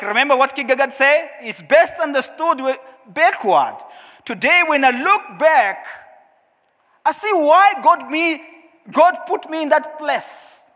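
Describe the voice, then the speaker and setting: A man whose first language is Portuguese, speaking English with a Portuguese accent, preaching a sermon and telling his story in an animated way. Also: very high-pitched. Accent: Portuguese-speaking African. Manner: storytelling, animated, acts out his own past questions. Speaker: pastor. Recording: long hall reverb.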